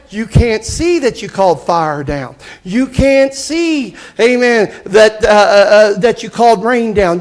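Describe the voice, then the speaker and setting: A man preaching a live church sermon, impassioned and folksy, with bursts of shouting. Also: extremely high pitch. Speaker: pastor. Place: church sanctuary.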